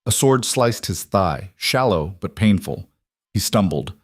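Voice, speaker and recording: A man reading a dramatic story aloud as narrator, steady and even, voicing the characters' lines himself. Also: low-pitched, unhurried, no echo, clean studio sound. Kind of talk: scripted narration.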